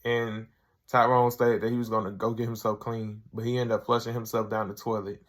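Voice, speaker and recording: A man's voice: fairly low pitch, level tone, brisk. Casual man retelling a sketch show. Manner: loose retelling, full of "like" and "he's like". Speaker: show reviewer, channel host. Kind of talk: casual video review.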